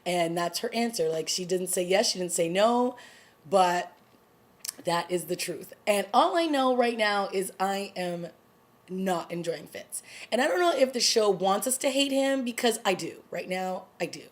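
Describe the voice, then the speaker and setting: A woman's voice: mid-range voice, expressive. Chatty woman recapping a TV episode. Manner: chatty, acts out characters' lines in quick asides. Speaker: TV review vlogger. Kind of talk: casual recap chat.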